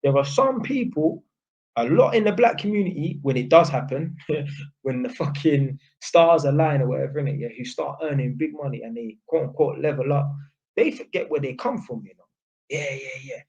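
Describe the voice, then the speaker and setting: A young man with a London street accent speaks bluntly to camera, swearing freely and tagging his sentences with "innit". His voice sits at an ordinary middle pitch. The sound is a little dull and lo-fi. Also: animated, normal speed, gravelly, a little mellow. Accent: London (Multicultural London English). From England. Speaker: vlogger. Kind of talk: casual monologue to camera.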